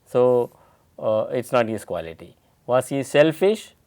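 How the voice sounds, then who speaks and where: A man's voice: medium pitch, very animated, measured pace, a little mellow, dry recording. A man with an Indian English accent teaching an English lesson, asking a student questions and explaining step by step.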